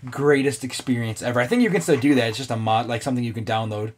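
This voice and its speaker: A man's voice: mid-range voice, expressive, fairly quick, slight background noise. A man giving casual gameplay commentary, rambling off topic, swearing now and then and laughing often. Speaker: let's play gamer.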